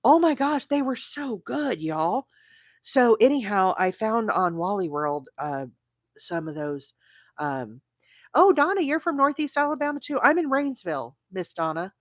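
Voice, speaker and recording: A woman from Arizona hosting a crochet livestream, rambling chattily and reading out viewer comments, with bursts of high, excited emphasis. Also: unhurried, no room sound, clean studio sound. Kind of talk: casual live-stream chat.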